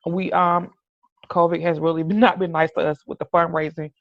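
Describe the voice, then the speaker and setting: A middle-aged podcast host speaks in a candid, earnest monologue with a gravelly edge, often starting over mid-sentence. The recording is dull and lo-fi, with no room sound at all. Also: medium pitch, flat delivery, moderate pace, no echo. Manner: earnest, with restarts and "you know what I'm saying".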